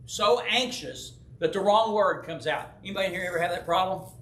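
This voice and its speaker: Man, pastor, Bible study, storytelling, keeps asking "right?", high bright voice, echoey church room. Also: fairly quick, slight background noise. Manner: animated storyteller who acts out quoted voices; frequent checking with "right?". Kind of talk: conversational Bible teaching with personal stories. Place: church hall.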